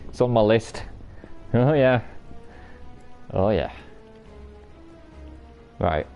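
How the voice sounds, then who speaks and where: A man live-streaming a card game, talking through his moves and teasing his viewers by name. His voice sits fairly low, and he swears freely when the game goes wrong. Faint game music plays under his voice. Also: animated, drawn-out words, vocal fry, pauses often, dull audio. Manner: banter-filled, swears freely, teases chat. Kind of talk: live gameplay commentary chatting with viewers.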